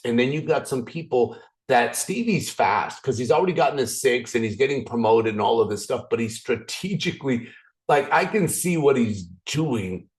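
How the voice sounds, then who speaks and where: A raspy man leading a motivational training call, excitable, swinging up and down and restarting his sentences often. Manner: excited, repetitive, frequent restarts; swings up and down in pitch. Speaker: business opportunity trainer.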